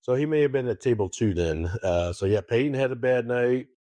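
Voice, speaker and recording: A man co-hosting a casual poker podcast, with a mid-range pitch. He tells stories with animated flair and drops the odd swear word. His voice sounds dry and close, with little room around it. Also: fairly quick, dry recording. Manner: animated storyteller who swears freely. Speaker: podcast co-host. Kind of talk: casual chat.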